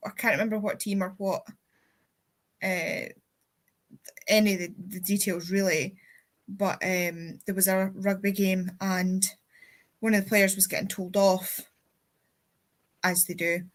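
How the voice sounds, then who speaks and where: A woman's voice: medium pitch, flat delivery, unhurried, pauses often. A young adult woman with a Scottish accent, hosting a casual livestream chat and telling rambling anecdotes with the odd swear word. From Scotland. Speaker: readathon livestream host.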